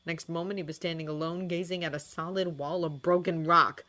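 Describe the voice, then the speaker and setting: Female narrator, low register, expressive dramatic audiobook reading. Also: fairly quick. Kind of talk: fan fiction audiobook reading.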